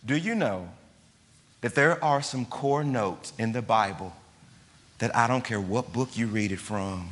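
A man's voice: mid-range voice, measured pace, a bit bright. A male pastor preaching a sermon in a conversational way, often putting questions to the congregation. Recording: long reverb of a large hall.

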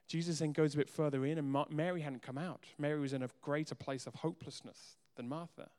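A man preaching a sermon as pastor, earnest, moving between soft quiet asides and emphatic raised lines. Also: on the high side, fairly even intonation, fast. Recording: long hall reverb.

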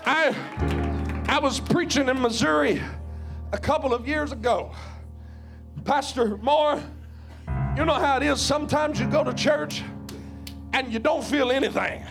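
A man preaching a revival sermon in a church, shouting his lines with a rhythmic "uh" between phrases and telling folksy stories. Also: very high-pitched. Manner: shouted preaching punctuated by a breathy "uh"; folksy storytelling, calls himself a redneck. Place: church sanctuary.

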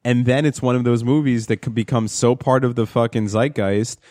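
Laid-back, profane man at mid pitch. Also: fairly even intonation, normal speed, a little mellow, dry recording, clean studio sound. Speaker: podcast host. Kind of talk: casual chat.

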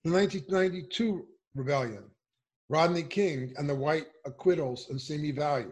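A man's voice: a little high, moderate pace, a little mellow. A man giving impassioned political commentary, emphatic and indignant, firing off rhetorical questions. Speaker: political speaker.

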